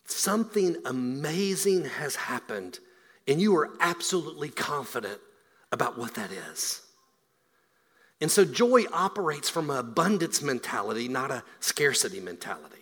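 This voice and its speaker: A man preaching a sermon as a pastor, swinging from hushed, quiet lines to loud, emphatic build-ups. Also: a little high, slightly rough. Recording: long hall reverb.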